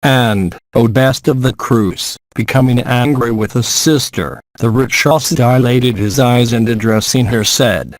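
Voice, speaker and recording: A man reads an ancient epic aloud in a measured, formal way. His voice sits at a middling male pitch. The recording is dry and close, with no room echo. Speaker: audiobook reader.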